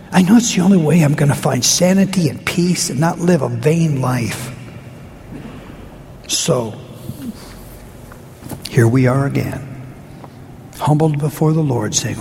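A man preaching a sermon as pastor, earnest and pleading, moving between urgent raised questions and hushed, quiet prayer. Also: mid-range voice, lively intonation, moderate pace, creaky, long pauses. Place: church sanctuary. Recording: long hall reverb, faint room noise.

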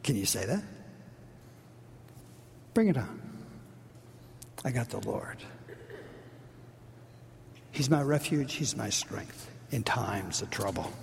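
A man preaching a sermon as a pastor, swinging from loud urgent lines to near-whispers. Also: mid-range voice, expressive, unhurried, gravelly, pauses often, slight background noise. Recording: long reverb of a large hall.

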